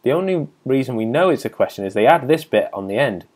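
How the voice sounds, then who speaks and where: A man talks through a grammar practice test like a teacher. He reads the questions out and then patiently explains every answer, step by step. His voice sits at a middle pitch for a man. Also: lively intonation, fast talker, a little mellow. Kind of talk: test walkthrough lesson.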